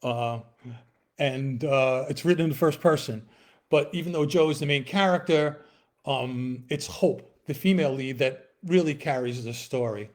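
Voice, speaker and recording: A man reading from his own novel in the first person, at an easy, unhurried pace. His voice sits in an ordinary middle pitch, and his reading is relaxed and plain. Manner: relaxed, with fillers in the intro.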